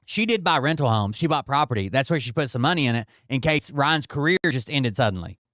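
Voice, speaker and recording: A man's voice: mid-range voice, animated, fairly quick, a bit bright, slight background noise. A man commenting on a played clip in casual reaction talk, blunt and sarcastic with profane asides.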